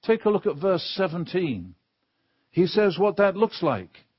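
Slow, deliberate English preacher. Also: male voice, high-pitched, sing-song, slightly rough, lo-fi sound. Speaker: guest preacher. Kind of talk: sermon. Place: church pulpit.

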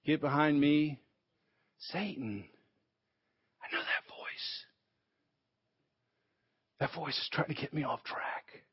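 A man voicing a calm, resolute man who quietly rebukes a tempter, heard on a dull, lo-fi recording from off mic. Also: slow pace, pauses often, husky, in a whisper, exaggerated voice. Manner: hushed, low and steady.

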